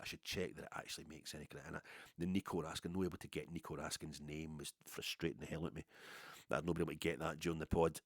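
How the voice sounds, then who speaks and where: A man's voice: rumbling low, dry recording, clean studio sound. A middle-aged Scottish man, a podcast host, telling a long rambling story in a casual, self-deprecating way. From Scotland.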